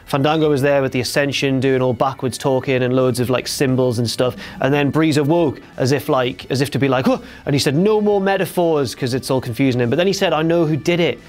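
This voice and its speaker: A young man, chatting casually as host of a wrestling recap, jokey and quick to slip into silly impressions. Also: medium pitch.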